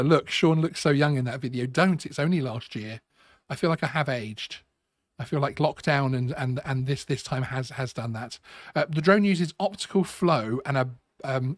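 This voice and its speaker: A man's voice: fairly high pitch, no echo, studio quality. A man hosting a live stream, talking casually with many restarts and a sarcastic edge. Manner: halting, repeats words, sarcastic. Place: home studio.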